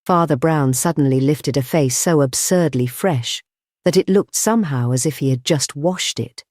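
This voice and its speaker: A man narrating an audiobook in a measured, even reading. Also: a little high, no echo, clean studio sound. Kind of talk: scripted narration.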